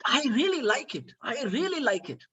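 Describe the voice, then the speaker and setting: A man voicing an elderly male spiritual master who is pleased and full of praise, speaking slowly and emphatically. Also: extremely high pitch, sing-song, sharp tone, slight background noise, voice pushed up, full character voice. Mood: delighted.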